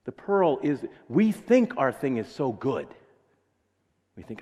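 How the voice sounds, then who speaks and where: A man's voice: medium pitch, very animated, a little slow, darkish tone, breathy edge, long reverb tail. A man with an American accent preaching a sermon in a casual, joking way, acting out little voices. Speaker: pastor. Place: church sanctuary.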